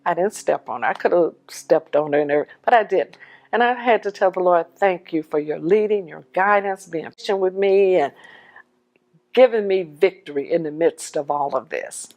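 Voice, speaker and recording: A middle-aged widow giving a personal testimony, telling her story in an animated way and acting out the dialogue. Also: on the low side, moderate pace.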